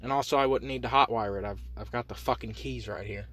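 A young man hosting a podcast, rambling through profane, absurd comic tangents in a deadpan way, talking from inside a parked truck. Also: mid-range voice, fast talker, breathy edge. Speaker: podcast host. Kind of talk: rambling comedic monologue.

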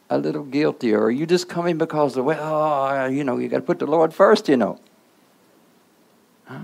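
A man preaching a sermon in plain colloquial speech. He keeps asking the listener questions, often prodding with "huh?", and swings between hushed and loud passages. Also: fairly high pitch, moderate pace, vocal fry. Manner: rhetorical questions with repeated "huh?"; informal colloquial grammar.

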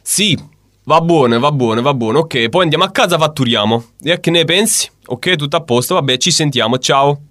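A man's voice: fairly high pitch, expressive, fast talker, fairly bright tone, no room sound, studio quality, voice pushed up. A man voicing an effusive Neapolitan man on a phone call, with a Neapolitan accent, clipped vowels and a sing-song, exuberant delivery.

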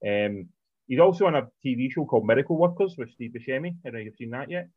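A man co-hosting a podcast, giving quick, opinionated film takes and steering the talk to the next title. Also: medium pitch, lively intonation, husky, dry recording. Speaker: podcast co-host. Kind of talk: casual film review chat. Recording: tinny phone-like line, dry.

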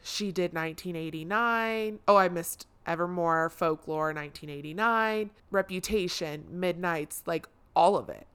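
A woman co-hosting a podcast, excitedly telling the story of a concert in casual chat, with lots of "like.". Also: on the low side, measured pace, few pauses, smooth. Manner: gushing, animated storytelling with frequent "like". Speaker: podcast co-host.

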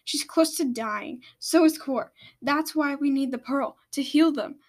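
A woman's voice: high-pitched, a little slow. Woman reading as a defiant male dragon. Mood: pleading. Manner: defiant, shouts back. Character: scheming male red dragon, exiled brother.

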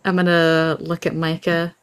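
Slow, hesitant woman player. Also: fairly low pitch, completely flat delivery, clean tone. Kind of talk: playing a tabletop game.

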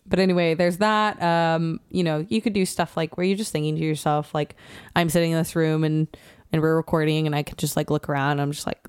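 A woman's voice: low voice, fairly even intonation, fairly quick, a little mellow, clear, resonant tone, dry recording, clean studio sound. A woman hosting a podcast in casual chat, chatty and full of "um"s. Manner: chatty, frequent "um", laughs easily. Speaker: podcast host.

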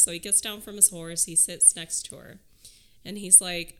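A woman's voice: mid-range voice, normal speed, sharp tone, smooth. A young woman co-hosting a podcast, retelling a film's plot in casual, chatty storytelling. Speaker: podcast co-host. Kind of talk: casual chat recapping a film.

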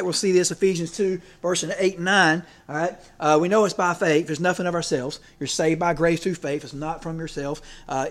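A man giving a casual, folksy sermon as a preacher and coach, rambling and checking in with his listeners. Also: a little high.

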